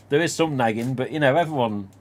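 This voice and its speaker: An English man hosts a casual live stream, answering comments with rambling anecdotes and mild swearing. His voice sits in the mid-range, with slight background noise.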